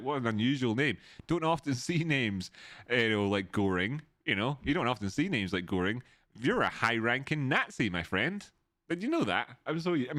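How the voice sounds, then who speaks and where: A man's voice: medium pitch, fairly bright tone, no room sound. A man hosting a casual live stream. He rambles chattily, greets viewers by name and goes off on tangents.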